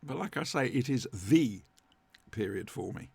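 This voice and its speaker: A man's voice: mid-range voice, expressive, unhurried, creaky, a little mellow, breathy edge, dry recording. A man with a chatty, wry manner, co-hosting a casual watch-along commentary from home. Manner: chatty, wry, fond asides. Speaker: podcast co-host watching along. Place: home room, dry sound.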